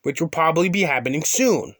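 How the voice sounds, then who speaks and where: A man with a fairly high voice and a dry, close sound, delivering sneering commentary. He is crude, sarcastic and insulting throughout. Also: animated, a little fast, fairly bright tone, dry recording. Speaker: commentator reacting to a video. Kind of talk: mocking commentary.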